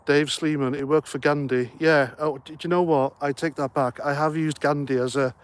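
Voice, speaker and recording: The speaker is a middle-aged man hosting a relaxed livestream, with a fairly high pitch, fairly even intonation and moderate pace. He reads comments and rambles with jokes, sounding a little out of breath.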